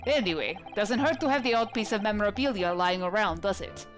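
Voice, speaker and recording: A woman voicing a boastful, gruff old retired army man in a put-on English accent, over game music. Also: mid-range voice, expressive, a little fast, lightly acted. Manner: blustery, old-fashioned phrasing.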